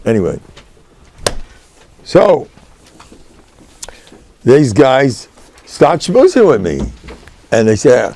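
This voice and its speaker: Older man, rabbi-lecturer; dark, gravelly voice; animated anecdotal delivery. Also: medium pitch, takes it slowly, long pauses. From United States. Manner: chatty, animated, peppered with Yiddish and Hebrew words. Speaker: rabbi giving a class.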